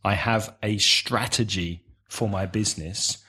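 Man, slow-paced, careful, podcast teacher, breaks words into syllables. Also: fairly low pitch, fairly even intonation, bright, forceful tone, slightly rough. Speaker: podcast co-host, English teacher.

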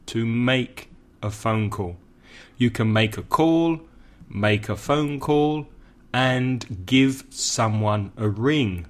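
A man's voice: medium pitch, slow pace. A man teaching an English lesson, repeating phrases carefully for learners and adding short Spanish glosses. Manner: adds brief Spanish glosses. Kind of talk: language lesson.

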